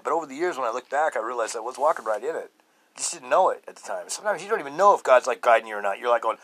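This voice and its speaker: A middle-aged man hosting a podcast, telling his own story emphatically and swinging between loud outbursts and low murmurs. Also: animated, rapid-fire, no echo, low-quality recording. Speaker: podcast host. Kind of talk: personal testimony monologue.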